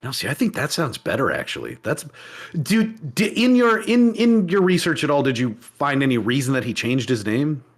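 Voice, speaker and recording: A man co-hosting a podcast in casual chat, reacting in an animated way, laughing easily and swearing freely. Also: mid-range voice, normal speed. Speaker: podcast co-host.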